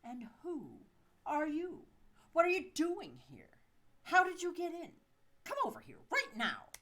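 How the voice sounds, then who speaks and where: A woman's voice: sits high, wildly swooping pitch, unhurried, fairly bright tone, pitched above the performer's own voice, exaggerated voice. A woman voicing an impatient woman film director in a game, snapping out orders. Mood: bossy. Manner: barking, exasperated commands.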